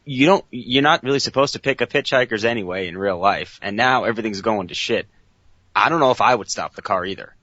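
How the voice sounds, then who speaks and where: A man's voice: on the low side, fairly quick, pushed and bright, dry recording. A man speaking as a guest on a casual podcast chat, rambling with many restarts. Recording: dry, dull lo-fi podcast audio.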